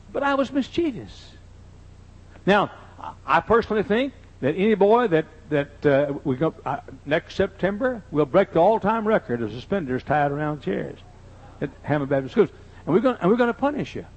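A man's voice: high-pitched, big pitch swings, moderate pace. An older man, a pastor, telling folksy, joking anecdotes in a sermon. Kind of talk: humorous sermon storytelling. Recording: dull lo-fi sermon recording.

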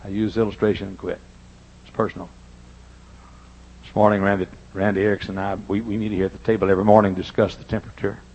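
An older man preaching a sermon in church, telling personal stories and swinging between loud emphasis and hushed asides. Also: lowish voice, flat delivery, fast talker, breathy edge, muffled recording. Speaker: pastor. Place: church sanctuary.

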